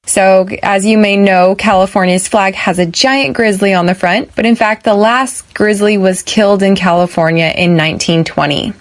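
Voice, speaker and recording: An American woman teaching English pronunciation on a podcast, speaking slowly and deliberately so learners can repeat after her. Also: medium pitch, steady tone, dry recording.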